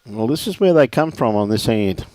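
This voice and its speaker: A man's voice: on the low side, animated, normal speed, warm tone, no room sound. Laid-back Australian male bowls commentator. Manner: laid-back, chatty, greets viewers by name. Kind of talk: live sports commentary with viewer shout-outs.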